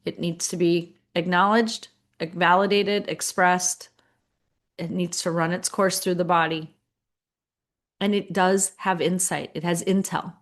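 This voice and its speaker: Low-voiced woman coaching school leaders. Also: level tone, a little slow. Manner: conversational, acts out inner voices, lots of fillers.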